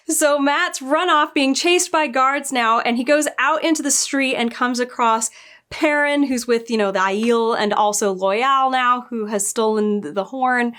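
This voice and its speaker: A woman's voice: on the high side, fairly bright tone. A woman casually recapping and nitpicking a TV episode, chatty and exasperated, laughing now and then. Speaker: show reviewer.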